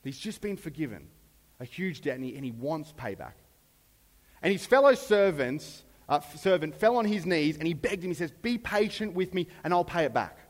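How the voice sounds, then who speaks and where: A man preaching a sermon in a relaxed, conversational way, briefly acting out the lines of the people in the story. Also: fairly high pitch, moderate pace, big-room sound. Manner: conversational, acts out characters' lines. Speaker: pastor.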